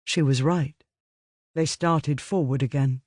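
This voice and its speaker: Male audiobook narrator, measured delivery, slightly raised pitch, dry sound. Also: fairly even intonation, no room sound. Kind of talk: scripted narration.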